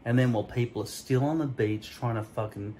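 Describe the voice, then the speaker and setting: A man's voice: medium pitch, a little fast, a little mellow, a little hiss or hum, low-quality recording. A man vlogging a rambling, profane rant full of tangents and mock-offensive jokes, filmed on a phone stuck to a mirror at home. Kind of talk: rambling solo rant to camera. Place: indoors at home, in front of a mirror. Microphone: phone camera stuck to a mirror.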